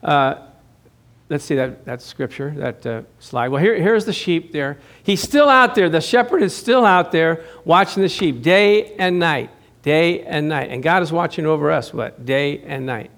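A middle-aged male pastor with a high-pitched voice preaches to his congregation in a chatty, conversational way. He poses rhetorical questions and often doubles back to repeat or restart his phrases. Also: a little slow, a bit bright. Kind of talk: sermon.

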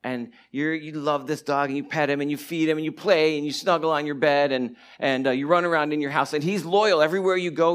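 A man preaching a sermon and teaching from the Bible, animated, swinging between loud stretches and hushed asides. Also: a little high. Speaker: pastor.

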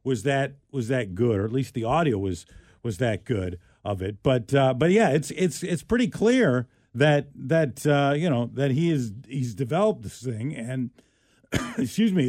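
A man's voice: mid-range voice, expressive, a little slow, a little mellow, no room sound, studio quality. A man co-hosting a radio show, chatting casually and jokingly about an odd news story, often restarting his sentences. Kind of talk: casual talk radio banter.

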